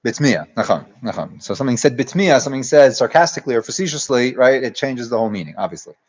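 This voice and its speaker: A man teaches a Torah class as a rabbi. His voice sits at an ordinary middle pitch. He thinks out loud with many restarts and mixes Hebrew terms into the explanation. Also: lively intonation, quick pace.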